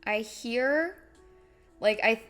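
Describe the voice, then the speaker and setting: A woman's voice: a little high, extremely slow, a bit bright, soft background music. A young woman chatting casually on a live stream while crafting, rambling and reading out viewer messages. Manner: chatty, rambling, reads chat aloud.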